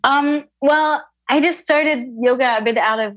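A woman's voice: high-pitched, unhurried, dry recording, low-quality recording. Woman with a mixed French-Spanish accent. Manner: thoughtful, hesitant, many restarts. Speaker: podcast guest, yoga teacher. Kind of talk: casual conversational interview.

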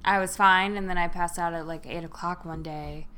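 A woman's voice: lowish voice, steady tone, normal speed, sharp tone, slight background noise. A woman co-hosting a podcast, laid-back and dry-humored, talking casually and giggling. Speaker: podcast co-host. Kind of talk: casual chat.

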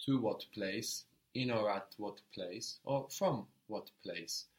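A man's voice: on the low side, slow. A man teaching a language lesson, patiently prompting a student and repeating her answers.

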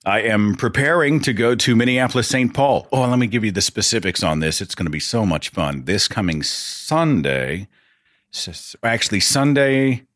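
A man's voice: on the low side, animated, moderate pace, fairly bright tone, no echo, clean studio sound. A man hosting a podcast alone, talking in a casual, rambling way with chatty asides. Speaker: podcast host. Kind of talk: casual solo monologue.

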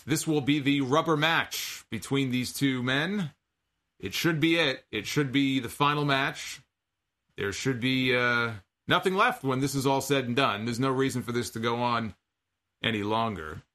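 A man with a bright, forward voice talks casually and wryly as a podcast host. He recaps wrestling at an easy conversational pace, now and then reading out listener donations. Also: medium pitch, a little slow. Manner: wry, chatty, reads out listener donation messages. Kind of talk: casual solo show recap.

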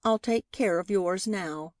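A woman reading the quoted lines of a lonely, gentle older male banker, spoken tenderly. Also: medium pitch, slow pace, no echo, studio quality, lightly acted.

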